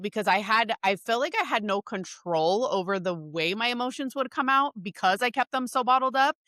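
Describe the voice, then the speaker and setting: A woman hosting a casual podcast conversation. Her voice is bright and forward, and her delivery is animated and talkative. The sound is dry and close. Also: a little high, brisk, hardly any pauses, no room sound. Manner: animated, chatty, laughs while talking. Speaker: podcast host. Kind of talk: casual interview chat.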